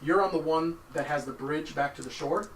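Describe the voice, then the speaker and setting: Acting as game master for a tabletop game, a man narrates haltingly, with many fillers and restarts. His voice is a little high, picked up by a distant mic in an echoey room with faint noise.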